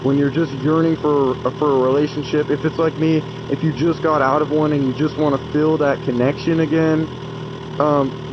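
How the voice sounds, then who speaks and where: A man's voice: a little high, highs cut off, noisy background. A man talking earnestly about his faith in a casual vlog, often restarting his phrases. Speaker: vlogger.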